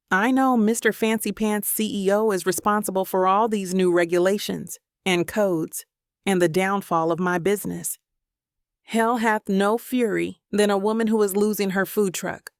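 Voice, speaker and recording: A woman narrates a first-person romance audiobook with wry, sarcastic humor. Her voice has a gravelly, vocal-fry texture at a mid pitch, and the studio sound is dry and close. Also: fairly even intonation, normal speed, no echo.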